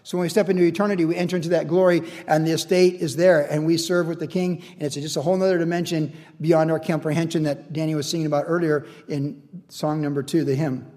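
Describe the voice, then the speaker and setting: A man preaching a sermon in an animated, conversational way, often acting out quoted voices. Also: on the high side, quick pace, long reverb tail. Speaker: pastor.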